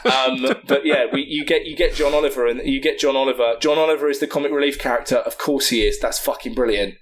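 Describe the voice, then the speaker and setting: A man co-hosting a comedy podcast who casually tells a film pitch, rambling, swearing freely and talking with enthusiasm. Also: fast talker.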